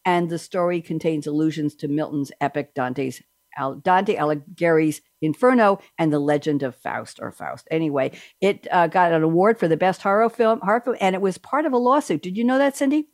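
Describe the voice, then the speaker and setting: A middle-aged woman hosting a talk show, chatty and playful, with lively asides. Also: fairly low pitch, a little fast, no room sound, clean studio sound. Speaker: host.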